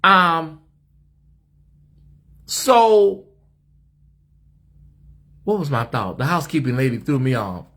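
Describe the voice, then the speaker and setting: A man's voice: fairly high pitch, sing-song, slow, long pauses, a bit bright. An American man hosting a live stream from a hotel suite, sassy and chatty, talking straight to his viewers in the comments. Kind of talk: casual live-stream chat.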